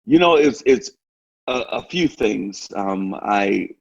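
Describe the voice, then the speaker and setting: A man who is a guest on a podcast interview, joking and relaxed, talking with fillers and at an uneven pace. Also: on the low side, slow pace, gravelly, husky, muffled recording.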